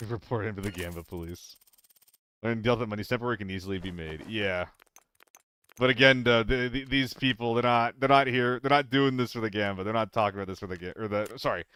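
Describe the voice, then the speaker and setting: A young man chatting casually with his viewers while streaming a game, playful and quick to laugh. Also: on the low side, a bit bright, clear, resonant tone. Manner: playful, apologetic, laughs often.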